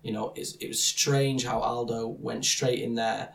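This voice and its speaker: Man, podcast co-host, gravelly voice, rambling casual sports chat. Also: medium pitch, little pitch movement, measured pace, fairly bright tone. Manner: rambling, many restarts and fillers.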